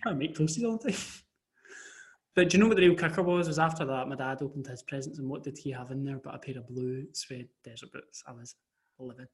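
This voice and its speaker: A young man co-hosting a podcast over a video call, telling animated stories with frequent restarts. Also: medium pitch, fast, few pauses. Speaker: podcast co-host. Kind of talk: casual chat.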